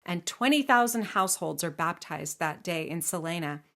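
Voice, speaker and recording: A woman's voice: fairly low pitch, lively intonation, normal speed, fairly bright tone. A woman from the United States, casually telling a legend to a child, chatty and playful with asides. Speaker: storyteller.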